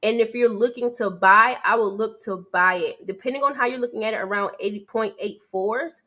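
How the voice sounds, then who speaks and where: In a muffled recording, a woman with a voice on the high side talks a little fast while going over charts on a live stream. She's a forex trading coach who speaks casually and directly to viewers, calling them sweetie and baby.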